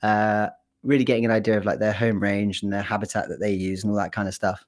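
A man's voice: fairly low pitch, quick pace. English man chatting casually as a guest. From England. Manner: relaxed, chatty, many fillers and restarts. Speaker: PhD researcher guest. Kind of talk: casual interview chat.

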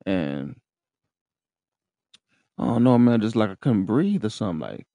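A man's voice: fairly low pitch, very animated, unhurried, long pauses, dark tone, no room sound. A man hosting his own podcast, telling a personal story in a loose, profane, casual way and speaking straight to his listeners. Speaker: podcast host.

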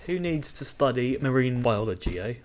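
A man's voice: medium pitch, sing-song, moderate pace, a little hiss or hum. A man with a southern English accent, co-hosting a podcast in easygoing casual banter and laughing along. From England. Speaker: podcast co-host.

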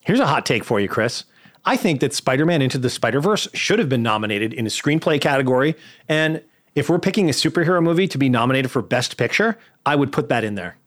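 A man's voice: mid-range voice, lively intonation, fast talker. A man in the middle of his register, talking with a lot of lift and fall in his voice. He jokes and argues playfully about films, like a podcast co-host in easy chat. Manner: playful, argumentative, joking.

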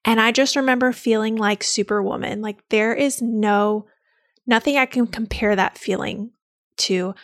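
A young adult woman, a labor and delivery nurse, tells her own birth story in a heartfelt, excitable way. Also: on the high side, measured pace, dry recording, clean studio sound. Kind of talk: personal birth story told to an audience.

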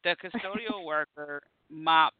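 A man's voice: on the high side, measured pace, no room sound. A man hosting a casual conversation, telling stories animatedly and acting out his own reactions. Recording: tinny phone-like line.

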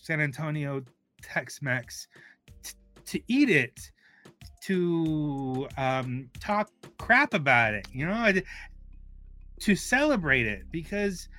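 Slow, deliberate Texan man, bright timbre, halting restarts. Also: fairly high pitch, big pitch swings, faint music behind. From Texas. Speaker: guest food writer. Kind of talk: radio panel discussion.

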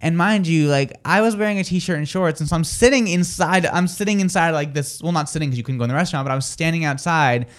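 A man's voice: a little high, quick pace, few pauses. A man co-hosting a live radio talk show, telling stories in a rambling, chatty way full of fillers and restarts. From New Jersey. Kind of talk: casual chat.

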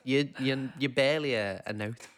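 A man's voice: medium pitch, moderate pace. A man co-hosting a podcast in casual chat, dry and joking, laughing often. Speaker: podcast co-host.

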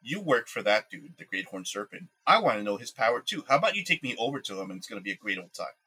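A boastful werewolf brother who schemes and smooth-talks his way toward power, as a man puts him on while retelling a story. The tone is bright and pushy, with a husky edge. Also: on the low side, big pitch swings, fast, exaggerated voice, rough recording. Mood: persuasive. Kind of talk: casual retelling with quoted voices.

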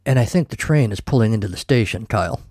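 A man's voice: on the low side, expressive, fast talker, darkish tone, no room sound, studio quality, close to an everyday voice. A man voicing a dying, middle-aged man who talks in a weary, sardonic way.

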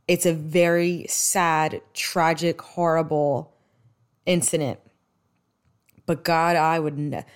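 A woman with a New York accent, from the US East Coast, hosting a podcast in rambling, chatty solo talk with many restarts. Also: mid-range voice. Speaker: podcast host. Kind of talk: casual solo podcast chat.

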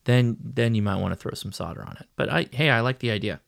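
A man's voice: medium pitch, fast talker, gravelly. A man co-hosting a podcast, chatting casually in a rambling, joking, self-deprecating way. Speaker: podcast co-host. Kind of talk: casual chat.

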